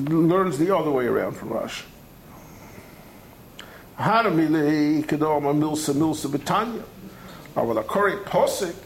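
Gravelly man teaching a Talmud class. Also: a little high, slight background noise, poor audio. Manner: animated, conversational, acts out the texts he quotes. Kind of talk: Talmud study lecture.

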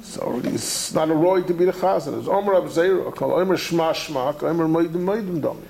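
A man's voice: on the high side, fairly quick, vocal fry, a crowd in the background, rough recording. A man giving a Talmud study lecture, talking animatedly and conversationally as the teacher. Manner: animated, conversational, acts out the texts he quotes.

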